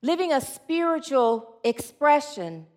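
High-voiced lively woman preaching. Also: takes it slowly. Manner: lively, laughing, conversational. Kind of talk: sermon with a comic story.

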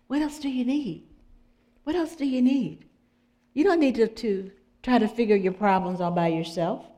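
In a mid-range voice, a middle-aged spiritual speaker preaches an uplifting sermon. She chats with her audience, puts questions to them, and lowers into quiet, prayerful asides.

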